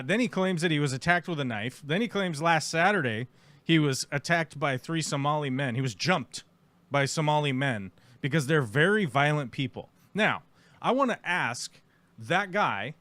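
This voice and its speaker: A man's voice: a little high, animated, normal speed, fairly bright tone, no echo. A man hosting a live stream, commenting on clips in a sarcastic, profane, mocking way.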